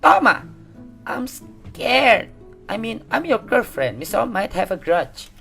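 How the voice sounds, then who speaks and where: A man voicing a frightened, clingy teenage girlfriend in a shrill, whiny way, with an Indonesian accent. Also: big pitch swings, a little slow, creaky, a bit bright, soft background music, full character voice. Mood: scared.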